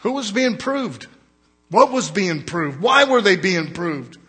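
Folksy male preacher, high bright husky voice, fervent sermon with scripture reading. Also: sing-song, slow pace.

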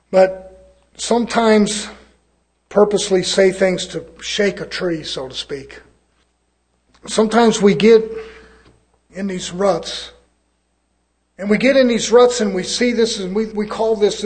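A preacher from California, a man preaching a fiery sermon in a folksy way, swinging from loud to low. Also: normal speed, breathy edge.

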